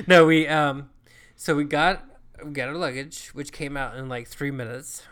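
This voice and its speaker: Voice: medium pitch, fairly even intonation, slow pace, a bit bright. A co-host telling a travel story in casual chat, swearing freely and acting out what people said. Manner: profane, chatty, acts out quoted lines.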